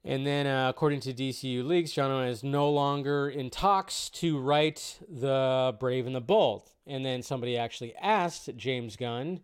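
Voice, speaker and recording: A man's voice: mid-range voice, a little slow, few pauses, clean tone. A man hosting a casual live stream about film news, chatty and rambling, cursing now and then.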